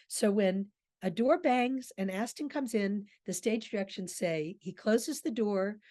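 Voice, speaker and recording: A woman's voice: on the high side, mellow. A woman theatre director giving a conversational lecture on a play, breaking off to read lines aloud. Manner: conversational, with fillers and restarts, reading quotes aloud.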